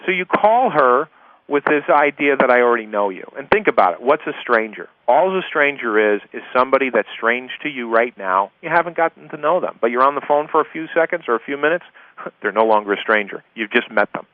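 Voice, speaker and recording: A man's voice: medium pitch, animated, brisk, no room sound. Guy coaching cold calling, talks casual and repeats stuff, sounds like it's over a phone line. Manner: chatty, repeats key points, checks in with "okay?". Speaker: sales prospecting coach. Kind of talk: conversational recorded course lesson. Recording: tinny phone-line audio, dry.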